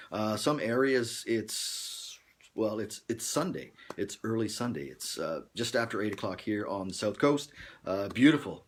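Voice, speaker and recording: A man chats to viewers on his livestream in a rambling, joking way, chuckling often. His voice sits low but swings widely in pitch. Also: slightly rough. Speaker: livestream host. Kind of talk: casual live-stream chat.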